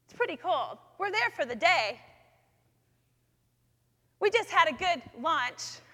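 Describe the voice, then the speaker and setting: A woman speaking in a chapel, sharing a personal faith story with lively storytelling in which she acts out her own thoughts. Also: very high voice, slow. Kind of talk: personal testimony talk. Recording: long echoey hall reverb.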